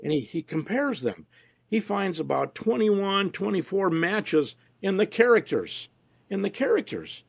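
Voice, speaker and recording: A man with a gravelly, husky voice and a fairly high pitch, answering an interviewer's questions at length. He tells stories and slips into quotes from people he met along the way. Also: very animated, a little slow. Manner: storytelling, quoting others in voices. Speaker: interview guest, researcher. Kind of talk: casual conversational interview.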